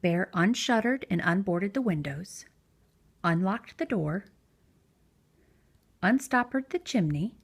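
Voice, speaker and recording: A woman reading a picture book aloud to young children, gentle and expressive. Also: mid-range voice, slow pace, gravelly, pauses often, husky. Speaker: children's story reader. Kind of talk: read-aloud storytelling for preschoolers.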